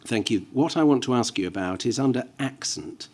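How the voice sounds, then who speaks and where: A man questioning a witness at a formal hearing, measured and careful, reading out references with hesitant fillers. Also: mid-range voice, expressive, a little mellow. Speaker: inquiry counsel. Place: inquiry hearing room.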